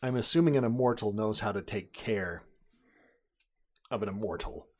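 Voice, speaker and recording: A man's voice: fairly low pitch, normal speed, darkish tone. Wry male podcast host. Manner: wry, sarcastic asides. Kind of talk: casual podcast chat.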